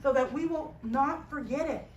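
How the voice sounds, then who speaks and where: A young woman telling a Bible story to a children's class, animated and asking the children questions. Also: high-pitched, normal speed, highs cut off. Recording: echoey room, voice from a distance, faint hiss. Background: children's group.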